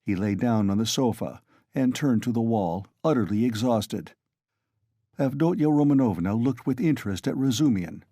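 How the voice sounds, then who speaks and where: A man narrating a classic novel in a measured, expressive audiobook reading. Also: mid-range voice, dry recording, studio quality. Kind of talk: scripted narration.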